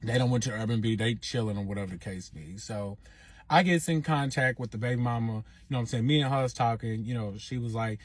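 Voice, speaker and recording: Husky, profane young man telling a story. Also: medium pitch, fast, dry recording. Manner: animated, profane, says 'you know what I'm saying' a lot. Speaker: storyteller, reality TV personality. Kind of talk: casual storytime monologue.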